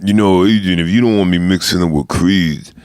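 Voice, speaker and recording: A man impersonating a shy, mumbling boxer who speaks haltingly from a film scene. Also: sits low, a little mellow, dry recording, clean studio sound, pitched below the performer's own voice, close to an everyday voice. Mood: pleading.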